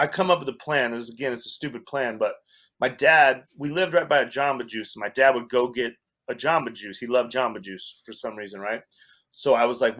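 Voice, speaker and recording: Male podcast guest, animated storyteller, wry and self-deprecating, average pitch. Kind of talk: storytelling in a casual chat.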